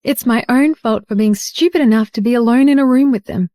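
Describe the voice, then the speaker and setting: A woman's voice: fairly high pitch, a little fast, mellow, dry recording, studio quality, close to an everyday voice. Give me a woman playing a rueful young heroine, inner thoughts. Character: young heroine, hurt and bitter.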